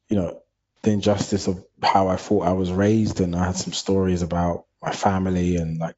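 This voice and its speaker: Thirties guy, open and reflective, lowish voice on a dull recording. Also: darkish tone. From Hackney, London. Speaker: guest. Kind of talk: reflective interview conversation.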